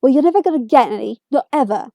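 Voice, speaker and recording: A woman voicing an eccentric male alien time traveller who is excitable and mocking. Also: high voice, fast, creaky, no room sound.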